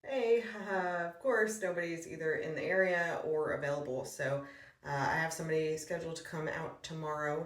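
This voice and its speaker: A woman real estate broker acting out a comedic reenactment of her phone calls, talking in a brisk, polite, businesslike way. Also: low voice, roomy sound, recorded from a distance.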